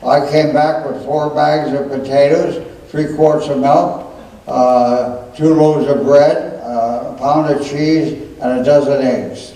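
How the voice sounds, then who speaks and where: A man voicing an old grandfather who tells a boyhood story in a folksy, unhurried way, recorded from a distance in an echoey hall. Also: fairly high pitch, steady tone, warm tone. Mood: reminiscing.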